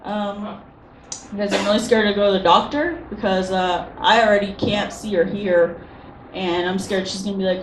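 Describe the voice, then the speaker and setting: A woman's voice: mid-range voice, steady tone, normal speed. Self-deprecating woman doing stand-up. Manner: self-deprecating, hesitant with many ums. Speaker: stand-up comedian. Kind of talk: stand-up comedy set. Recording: roomy venue from a distance, noisy.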